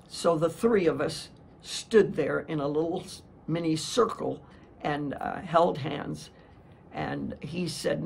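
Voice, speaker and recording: Slow, gravelly older woman preaching. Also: deep voice, lively intonation. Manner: slow, earnest storytelling with frequent restarts. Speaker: speaker giving a testimony talk. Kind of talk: sermon with personal testimony.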